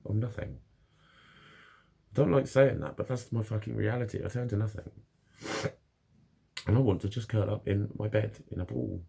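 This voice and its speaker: Low gravelly man, blunt and swearing. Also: normal speed, long pauses, mellow. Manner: blunt, swears constantly, frank and confessional. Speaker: vlogger. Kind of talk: candid casual monologue.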